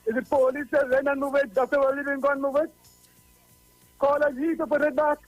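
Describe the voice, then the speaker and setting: A man with a Trinidadian accent and a very high-pitched voice calls in to a radio show, speaking briskly with little pitch movement. He is preachy and repeats himself for emphasis. The dull lo-fi call-in line has no room sound, with soft music in the background.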